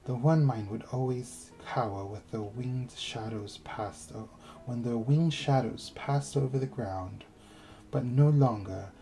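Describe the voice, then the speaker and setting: A man's voice: medium pitch, dark tone, faint music behind, natural voice, rough recording. A man reading as a solemn insect-tribe elder. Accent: put-on British. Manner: slow, stately reading with restarts.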